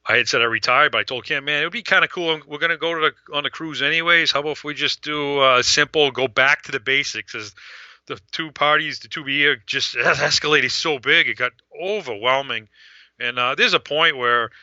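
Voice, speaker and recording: A man with a very bright, sharp voice tells a long, rambling story, acting out the other people's lines as he goes. His voice is recorded close and dry, with a dull, lo-fi sound. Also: on the high side, fairly quick, dry recording. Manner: rambling, animated retelling with quoted dialogue. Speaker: fan event organizer. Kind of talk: casual storytelling on a podcast.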